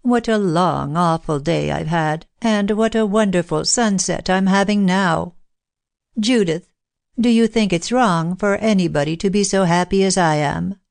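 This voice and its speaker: A childlike old lady speaks with a light, lilting air, a touch higher than a deep-voiced reader's own tone, as a woman narrator puts her on. It is a dry, close storybook reading. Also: measured pace, gravelly, no echo. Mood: tearful, moved. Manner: lilting, airy. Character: elderly woman, childlike, playful and tender.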